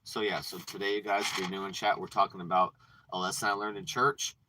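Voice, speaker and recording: A man hosting a livestream, ranting and preaching with frequent swearing, dropping from low mutters to loud outbursts. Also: little pitch movement, a little fast, noisy background. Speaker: livestream host.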